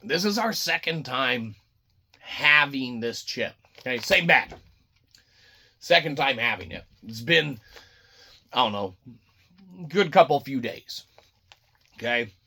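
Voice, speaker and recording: A man's voice: mid-range voice, animated, takes it slowly, gravelly, pauses often, sharp tone, breathy edge. A man hosting a snack review, rambling and sarcastic with lots of swearing and silly voices. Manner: profane, sarcastic, jumps between silly voices.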